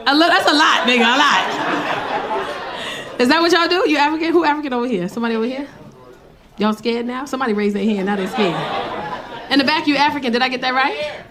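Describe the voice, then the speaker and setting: A woman's voice: sits high, fast talker, long pauses, background noise. A woman doing stand-up in a comedy club, brash and teasing the crowd. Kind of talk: stand-up set. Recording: live club with loud laughing crowd.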